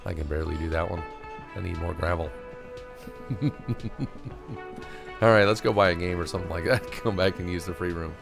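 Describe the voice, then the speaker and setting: A man's voice: low-pitched, fairly even intonation, a little fast, gravelly, pauses often, over music. A man casually talking to himself while playing a video game, muttering wry asides and reading choices aloud. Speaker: gamer streaming a playthrough. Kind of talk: casual let's-play commentary.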